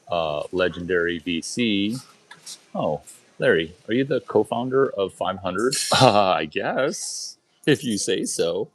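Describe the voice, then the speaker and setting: A man telling a casual story to a group in quick bursts, repeating lines and firing rhetorical questions at his listeners. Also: lowish voice, expressive, slight background noise, rough recording.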